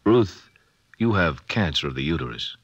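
An actor playing a grave, measured family doctor who reassures his patient, in a 1950s educational film. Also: a bass voice, sing-song, husky, no echo, highs cut off, full character voice. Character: calm grave family doctor, middle-aged man. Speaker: doctor in a dramatized scene.

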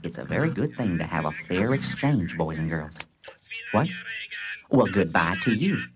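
A man's voice: deep voice, very animated, moderate pace, background noise. A man doing a sing-song kiddie-show president. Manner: sing-song, talking down as to children. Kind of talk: comedy sketch record.

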